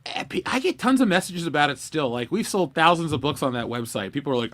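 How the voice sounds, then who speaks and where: A man co-hosting a podcast in casual chat, excitable and quick to laugh as he plugs his projects. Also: medium pitch. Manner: excitable, laughs a lot, plugs merch and Patreon. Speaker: podcast co-host.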